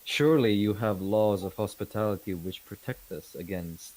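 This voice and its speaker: A man's voice: lowish voice, moderate pace, a little mellow, lightly acted, poor audio. A man playing a formal, polite naval captain speaking as a trader and diplomat. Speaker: player.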